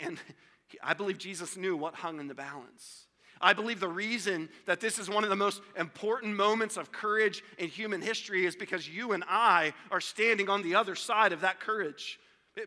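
A man preaching a sermon as a pastor, emphatic and repetitive, swinging between loud builds and hushed drops. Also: high voice. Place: church sanctuary. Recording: long hall reverb.

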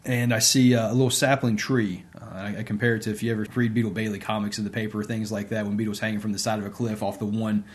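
A man's voice: lowish voice, level tone, fast, few pauses. A man, an interview guest and sports coach, telling a personal story in a casual, conversational way with many fillers.

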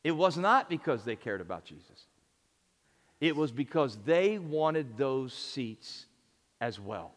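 A male pastor preaching a sermon in a relaxed, conversational way, asking his listeners questions. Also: medium pitch, slow pace. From United States. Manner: conversational, asks the audience questions. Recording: long church reverb.

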